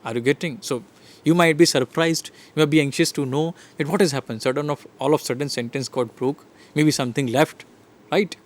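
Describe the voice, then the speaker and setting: Indian English accent, male teacher, lecture on intonation, lively demonstrations, slightly high voice. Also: a little fast. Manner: animated, demonstrates rhythm and intonation with repeated examples; asks listeners frequent "right?" checks.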